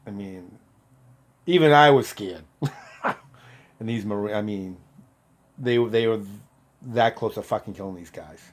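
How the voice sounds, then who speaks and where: A man in his fifties, a former Marine, casually telling a profane story and getting loud when he quotes people. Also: lowish voice, a little slow, long pauses. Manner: profane, animated, loud when quoting others.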